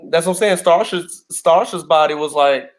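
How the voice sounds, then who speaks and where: Male co-host, casual and talkative, quick to laugh while reading comments. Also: fairly high pitch. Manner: chatty, reads viewer comments aloud, laughs often. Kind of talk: casual podcast chat.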